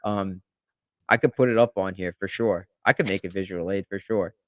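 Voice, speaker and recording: A man hosting a podcast, talking in a rambling, animated way with lots of fillers. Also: sits low, normal speed, no room sound, clean studio sound. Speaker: podcast host. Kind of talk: casual chat.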